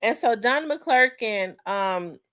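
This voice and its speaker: A woman in her forties hosting a casual livestream, rambling with fillers and restarts, talking to viewers as y'all, congested and clearing her throat. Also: fairly high pitch, animated, slow pace, a bit bright. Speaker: livestream host. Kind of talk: casual livestream commentary, reading chat.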